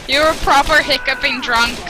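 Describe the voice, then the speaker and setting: Woman gaming, high voice, excitable, lots of laughing and callouts, loud gunfire behind. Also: normal speed. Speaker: gamer. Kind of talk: casual chat while playing a shooter. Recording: game gunfire noise behind.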